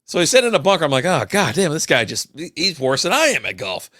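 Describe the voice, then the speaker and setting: A man's voice: a little high, very animated, fast, bright, forceful tone, dry recording. Profane rambling man, dry mic. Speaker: podcast host. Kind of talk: casual solo chat over a beer.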